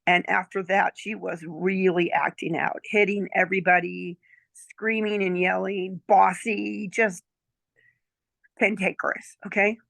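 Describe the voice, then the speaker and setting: A woman's voice: medium pitch, fairly even intonation, measured pace, creaky, a bit bright, no room sound. A woman in her sixties, a former nurse, telling a chatty story as a client testimonial, often checking in with "okay?" and "right?". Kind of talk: casual storytelling chat.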